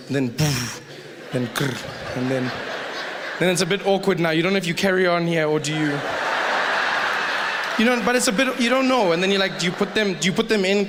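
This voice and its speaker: A man with a South African accent performing a stand-up set, animated and full of exaggerated asides. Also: on the high side. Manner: animated, jumps into mock voices and exaggerated asides. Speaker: stand-up comedian. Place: theater stage before a live audience. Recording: live hall with crowd and hiss.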